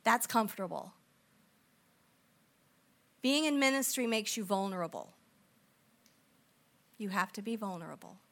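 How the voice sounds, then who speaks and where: Bright, animated woman preacher. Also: mid-range voice, measured pace, long pauses. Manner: animated, acts out quoted voices, drops to soft intense tones. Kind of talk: storytelling sermon.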